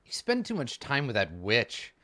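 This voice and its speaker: A man's voice: medium pitch, wildly swooping pitch, normal speed, a bit bright, no room sound, studio quality. A man voicing a proud, stern noble warrior uncle who scorns cowardice in a tabletop role-play. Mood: dismissive.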